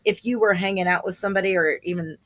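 A woman's voice: fairly low pitch, fairly even intonation, quick pace. A woman co-hosting a podcast, chatting casually about holiday movies, speculating and laughing often. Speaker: podcast co-host.

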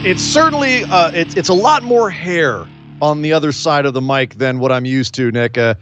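A man's voice: a little high, expressive, moderate pace, over music. Chatty male co-host, slightly dull mic. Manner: chatty and joking, with some stumbles. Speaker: podcast co-host. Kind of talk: casual podcast chat.

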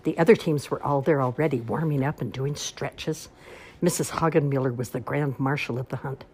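An older woman reading a children's story aloud in a lively, expressive way, with a husky voice. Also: a bass voice, normal speed, a little hiss or hum.

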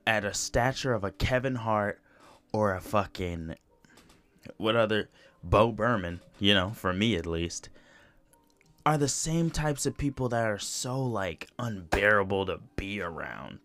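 Low-voiced podcast host, profane and rambling. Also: male voice, expressive, measured pace, fairly bright tone. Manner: profane, rambling, repeats phrases. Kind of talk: casual chat.

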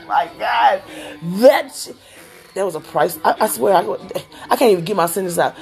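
A woman's voice: medium pitch, moderate pace, gravelly, pauses often, darkish tone. A middle-aged woman from Texas telling a rambling, profane story in a casual vlog, laughing often. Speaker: vlogger.

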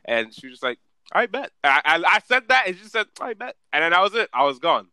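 A young man chatting casually, telling animated stories in slang. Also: a little high, quick pace, clean tone, no echo. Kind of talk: casual chat.

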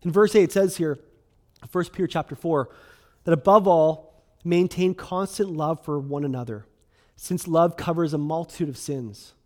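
A man's voice: a little high, normal speed. A man in his thirties preaching a sermon as a pastor, in a conversational way, often asking "right?" and saying "like".

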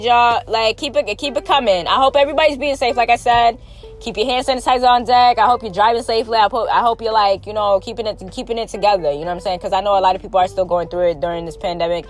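A woman of middle pitch hosts her own podcast alone, talking straight to her listeners. She is blunt and profane, full of street slang and rambling restarts, and keeps checking in with the audience. Faint music plays underneath. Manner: frequent filler questions to listeners. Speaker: podcast host. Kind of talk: casual solo podcast monologue.

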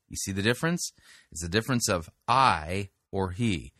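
Host, male, low voice, very animated delivery, dry close sound, punches key words. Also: moderate pace, no room sound. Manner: animated, emphatic, stresses single words. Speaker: podcast host and sermon critic. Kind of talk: critical commentary with scripture reading.

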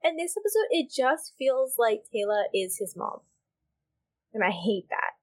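A woman's voice: fairly high pitch, big pitch swings, a little slow. A woman co-hosting a podcast in casual chat, heated and emphatic, swearing freely. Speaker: podcast co-host.

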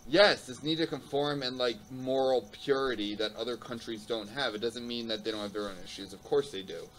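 A man's voice: mid-range voice, brisk, fairly bright tone, a little hiss or hum, poor audio. A man from the United States hosting a casual podcast chat, blunt and opinionated, swearing freely. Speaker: podcast host.

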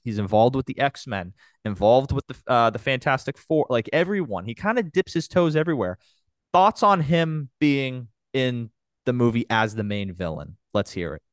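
Male podcast host, rambling fan chat, smooth and dry. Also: mid-range voice, animated, normal speed, dry recording. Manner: enthusiastic, rambling with many fillers. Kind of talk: casual chat.

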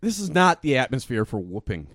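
A man's voice: medium pitch, fairly quick, no echo, clean studio sound. Storytelling podcast co-host man. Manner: storytelling, many fillers, lively emphasis. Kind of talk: casual chat.

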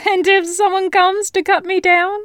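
A woman reading an audiobook voices a bold, cheerful young village woman who teases and insists in a raised, bright voice. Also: very high voice, level tone, normal speed, dry recording, clean studio sound, pitched above the performer's own voice. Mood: playful retorting. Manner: teasing, laughing, insistent.

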